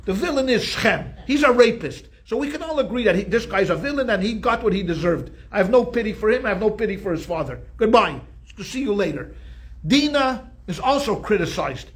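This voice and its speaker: High-voiced rabbi telling a story. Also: male voice, brisk. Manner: animated, conversational storyteller with frequent restarts. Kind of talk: Torah class storytelling.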